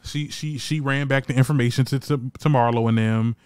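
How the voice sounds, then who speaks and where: A man's voice: medium pitch, brisk, clear, resonant tone, no echo. A man recapping a reality TV episode in casual commentary, sassy and blunt, swearing freely and acting out what the cast said. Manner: animated, acts out quoted lines. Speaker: reality TV reviewer.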